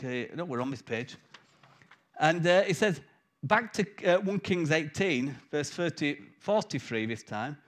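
High-voiced male preacher. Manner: animated storytelling with acted-out voices. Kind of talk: sermon.

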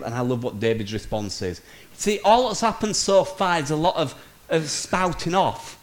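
A man with a fairly high voice preaching a lively sermon. He speaks straight to his listeners, calling them "guys", and shrugs off his mix-ups with a quick laugh. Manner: energetic, addresses listeners as "guys", laughs at his own slips.

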